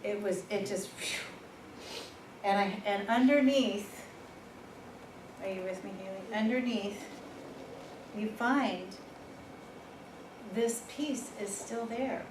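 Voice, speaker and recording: A woman presenting a workshop, telling personal stories in a lively, informal way and laughing at herself. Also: medium pitch, slow, long pauses. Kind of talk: personal storytelling in a workshop talk. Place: workshop room. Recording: echoey room, far from the mic, noisy.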